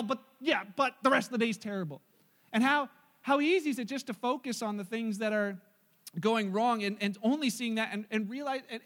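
High-voiced pastor man preaching. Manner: animated storytelling with acted-out voices. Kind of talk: sermon.

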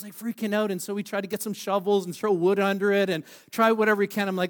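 A man preaching a sermon through a humorous, self-deprecating story, joking with the crowd and halting often on fillers. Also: sits high, fairly even intonation.

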